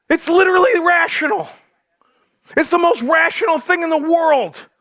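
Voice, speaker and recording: A man's voice: very high-pitched, bright, forceful tone, dry recording, clean studio sound. A male pastor preaching a sermon in a church, joking with the congregation in a loose, conversational way full of fillers.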